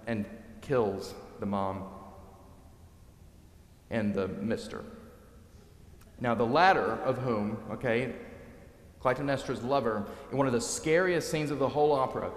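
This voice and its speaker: A male priest preaching a sermon, telling a story in a lively way and acting out the quotes. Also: medium pitch. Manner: animated storyteller, dramatizing quotes. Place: church. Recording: echoey church, long reverb.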